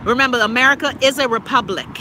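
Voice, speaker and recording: A Bahamian woman with a high, bright, forceful voice talks fast on a live stream outdoors near trees and traffic, with slight background noise. She gives blunt, profane political commentary and answers viewers' comments by name.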